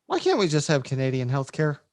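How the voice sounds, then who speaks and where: A man's voice: on the high side, wildly swooping pitch, a little fast, no echo, studio quality. A man co-hosting a casual podcast, tossing out crude, wisecracking asides. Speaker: podcast co-host.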